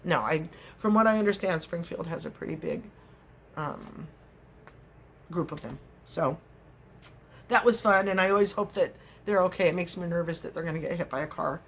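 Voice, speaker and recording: A woman's voice: on the low side, moderate pace, pauses often, slight background noise. A middle-aged woman vlogger chatting casually, rambling through stories, laughing often and acting out little scenes. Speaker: crochet vlogger.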